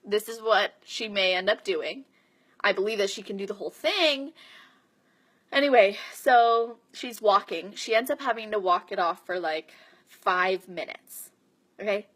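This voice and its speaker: A woman's voice: mid-range voice, measured pace. A young woman, a personal trainer, casually telling a story to her viewers and acting out the dialogue. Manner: chatty, animated retelling with quoted dialogue.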